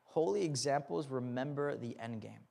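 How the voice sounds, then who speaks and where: A man's voice: mid-range voice, normal speed, gravelly, dark tone. A young man, a pastor, telling a personal story in a sermon, acting out the dialogue and then preaching earnestly.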